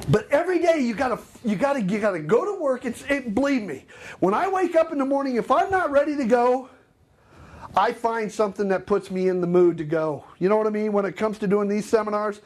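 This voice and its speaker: Middle-aged male trainer, husky voice, very lively pitch, jokey seminar delivery. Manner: animated, joking, acts out customers. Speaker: customer service trainer. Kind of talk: live seminar presentation.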